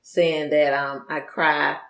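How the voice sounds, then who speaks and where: A man co-hosting a casual chat, calm and wry with short replies. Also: fairly high pitch, slow pace, gravelly. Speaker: co-host. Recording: roomy room echo.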